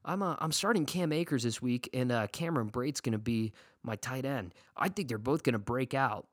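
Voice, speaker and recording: A man's voice: mid-range voice, a little fast, dry recording, studio quality, natural voice. A man voicing an offhand, overconfident friend who hesitates with fillers while describing his team. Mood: carefree.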